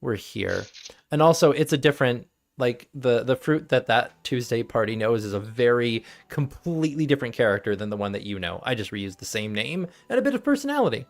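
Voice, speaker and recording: A man's voice: medium pitch, very animated, a little fast. Rambling young man running a tabletop game. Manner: rambling, laughing, lots of fillers. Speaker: game master. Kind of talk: recapping a tabletop game on stream.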